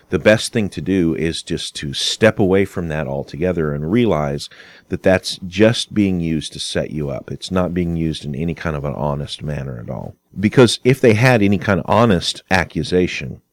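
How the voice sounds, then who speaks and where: Brief: low-voiced male lecturer, dry close sound, unhurried explanatory delivery. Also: lively intonation, no room sound. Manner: unhurried, explanatory, acts out quoted dialogue. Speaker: instructor on arguments and fallacies. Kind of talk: casual spoken lecture.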